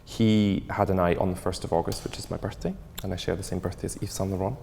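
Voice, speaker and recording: A man's voice: low voice, fairly even intonation, fast, creaky, mellow, big-room sound, a little hiss or hum. A man in his thirties, a fashion designer, answering interview questions in a chatty, loose way full of fillers. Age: 30s. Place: interview studio.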